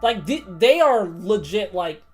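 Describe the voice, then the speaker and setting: A woman streaming a game, chatting casually, excitable, swearing and laughing often. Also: medium pitch, measured pace, faint music behind. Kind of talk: casual gaming commentary.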